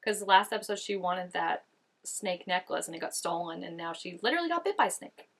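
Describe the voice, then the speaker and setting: A woman's voice: on the low side, animated, brisk, fairly bright tone. Young female reaction host; loose, thinking-aloud chatter, filler-heavy. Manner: chatty, musing, heavy on "like" and "I don't know". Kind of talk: casual reaction commentary.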